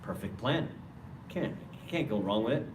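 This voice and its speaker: A young man giving a casual, animated religious lecture, retelling a story to students on campus. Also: fairly low pitch, measured pace. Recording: roomy hall, mic far off, faint noise.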